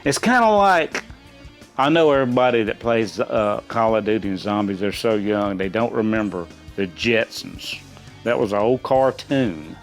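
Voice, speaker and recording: A man's voice: fairly low pitch, normal speed, soft background music. Rambling, folksy middle-aged man. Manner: rambling and folksy, many restarts. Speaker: quiz contestant. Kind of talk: casual chat.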